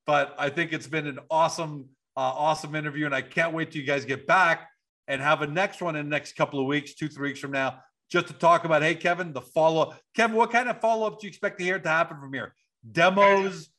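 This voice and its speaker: A man's voice: a little high, fast, pushed and bright. Upbeat male interview host. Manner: upbeat, rambling with restarts. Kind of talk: interview over video call. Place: home at night. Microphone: video call.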